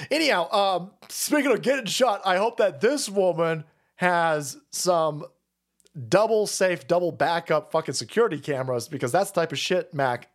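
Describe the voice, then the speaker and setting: A man hosting a livestream, ranting and swearing, laughing often and swinging between shouting and muttering. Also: a little high. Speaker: livestream host. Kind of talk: profane political rant.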